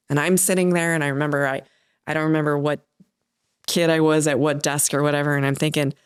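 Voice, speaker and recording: Woman telling her story in an interview, smooth clear voice, dry close sound. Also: deep voice, fast, dry recording. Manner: candid, tearful at times, animated storytelling. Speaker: guest, health company founder. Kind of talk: emotional interview conversation.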